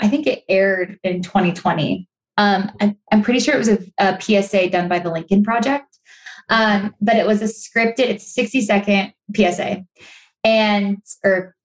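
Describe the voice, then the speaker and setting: A young woman chatting as a podcast guest. She speaks in an animated, rambling way, restarting sentences and dropping "like" often. Her pitch sits mid-range for a woman. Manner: acts out quoted voices for emphasis. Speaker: podcast guest, sustainability creator. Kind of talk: casual interview chat.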